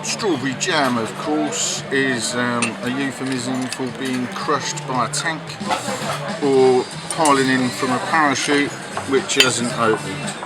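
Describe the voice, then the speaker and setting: A man's voice: mid-range voice, slow pace, very noisy. A man giving jokey, mock-patriotic travel commentary in a casual, rambling way. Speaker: travel vlogger.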